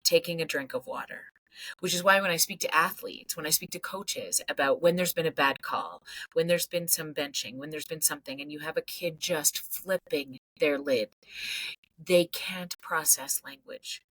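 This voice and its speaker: A middle-aged woman psychologist from Canada, talking energetically on a podcast and breaking into loud acted outbursts. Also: low voice, normal speed, no echo, low-quality recording. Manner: animated storyteller, swings into loud acted outbursts. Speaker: psychologist guest.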